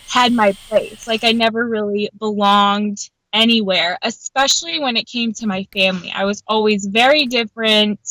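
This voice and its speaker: Bright-voiced woman with an Upper Midwest accent. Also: on the high side, no room sound, rough recording. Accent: Upper Midwest American. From Wisconsin. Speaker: interview guest. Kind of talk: casual interview chat.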